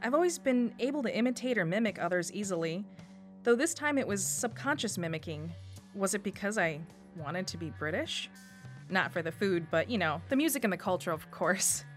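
A woman in her thirties from Wisconsin with a Wisconsin accent, reading a personal radio essay in a warm, lightly humorous way. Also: medium pitch, expressive, brisk, faint music behind. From Wisconsin, USA. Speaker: storyteller.

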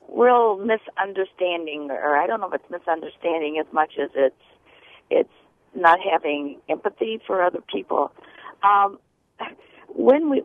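A woman phones in to a radio show. She talks hesitantly, with halting starts and fillers. Her mid-pitched voice comes through a tinny phone line. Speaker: caller. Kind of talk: call-in question.

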